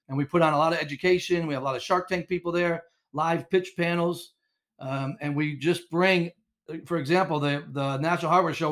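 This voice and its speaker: A middle-aged man telling coaching stories as a podcast guest, animated and rambling with lots of restarts. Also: a little high. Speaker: guest, inventor and former coach. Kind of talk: casual storytelling interview.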